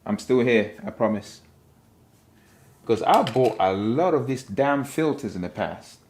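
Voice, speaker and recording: A man's voice: mid-range voice, lively intonation, measured pace, darkish tone. A man from Africa chatting casually on a livestream, reading viewer comments in a playful, rambling way and laughing often.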